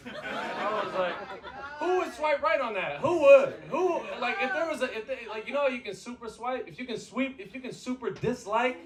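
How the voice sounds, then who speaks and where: A man's voice: extremely high pitch, noisy background. A man from the American South doing a profane, brash stand-up comedy set on a bar stage. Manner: brash, profane, fillers like "okay?". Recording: loud live crowd laughter. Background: audience laughing.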